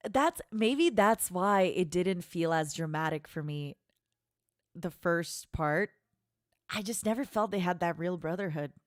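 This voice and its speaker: A woman's voice: on the low side, expressive, unhurried, no room sound, studio quality. A woman streamer chatting casually and gushing playfully as she reacts on a watchalong. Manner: gushing, playful, laughs often.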